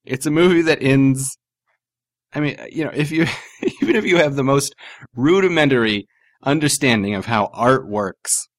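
A man co-hosting a podcast in casual banter, animated and sarcastic, laughing often. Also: medium pitch, moderate pace, dry recording, clean studio sound. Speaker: podcast co-host.

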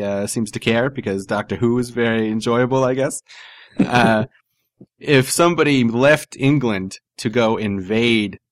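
A man co-hosting a podcast in casual banter, animated and sarcastic, laughing often. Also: on the low side, no echo. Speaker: podcast co-host.

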